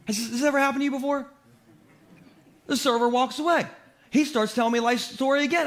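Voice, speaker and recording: A man preaching a sermon as pastor, telling comic, self-deprecating stories in an animated way. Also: extremely high pitch, a little fast. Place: church.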